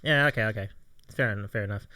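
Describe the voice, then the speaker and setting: A man's voice: lowish voice, fast, sharp tone. A man co-hosting a casual live-streamed talk show, upbeat and enthusiastic, often repeating himself. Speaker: podcast co-host. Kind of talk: casual chat.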